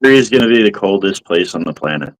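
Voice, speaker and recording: A man's voice: low-pitched, animated, racing, poor audio. A man in a casual chat, teasing and laughing easily.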